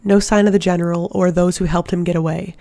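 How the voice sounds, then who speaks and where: An amateur audiobook narrator reading a fantasy novel in a steady, measured way. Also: mid-range voice, no room sound.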